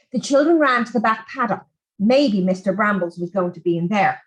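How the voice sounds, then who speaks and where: A woman reading a children's farm story aloud in an expressive, animated storybook style. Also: mid-range voice, a little fast, low-quality recording.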